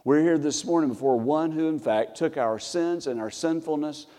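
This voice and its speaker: A man preaches in a church sanctuary, his mellow voice carried by a long reverberant tail. He lifts his volume when reading scripture and drops low and soft to press a point home. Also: moderate pace. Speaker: pastor. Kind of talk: sermon.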